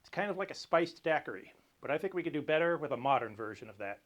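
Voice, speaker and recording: A man's voice: on the high side, expressive, quick pace. A man hosting a cocktail video, explaining drink history and recipes in a dry, lightly joking way. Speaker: cocktail show host. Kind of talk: casual cocktail tutorial.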